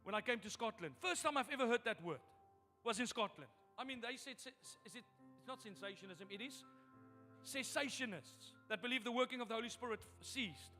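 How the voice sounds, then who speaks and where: A man's voice: extremely high pitch, lively intonation, brisk, pushed and bright, big-room sound, soft background music. A man preaching a sermon as pastor, repeating phrases for emphasis as his intensity rises. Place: church sanctuary.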